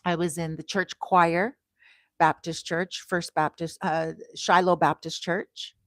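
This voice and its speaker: A woman from Canada in her thirties hosting a casual livestream, telling stories slowly and greeting viewers with bursts of excitement. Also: on the low side, dry recording. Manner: slow, deliberate storytelling that turns to bright, excited greetings to viewers. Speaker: livestream host.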